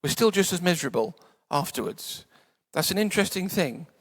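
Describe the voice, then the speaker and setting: A man's voice: high-pitched, animated, fairly quick. Man preaching in a reverberant church. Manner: conversational, playful asides, drops to soft quiet tones. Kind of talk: sermon.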